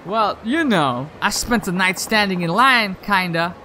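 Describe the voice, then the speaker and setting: Stammering nervous game boyfriend, read by a man; bright, animated delivery. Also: high voice, unhurried, slight background noise, full character voice. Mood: evasive. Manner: hesitant, stammering. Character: shy young man, nervous guilty boyfriend.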